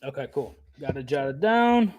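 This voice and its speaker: A man's voice: mid-range voice, sing-song, measured pace, a crowd in the background. A man co-hosting a sports betting livestream, brash and profane in casual chat.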